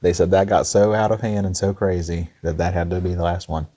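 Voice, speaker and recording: A man's voice: deep voice, flat delivery, fairly quick, mellow. A man co-hosting a podcast, telling a historical story in casual chat with a laugh in his voice. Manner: reads old quotes aloud with folksy voices, laughs often. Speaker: podcast co-host.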